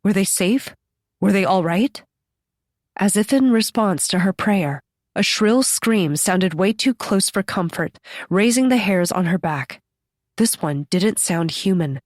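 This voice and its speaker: A woman reading a horror novel aloud in steady, measured scripted narration on a close microphone. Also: medium pitch, no echo. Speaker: audiobook narrator.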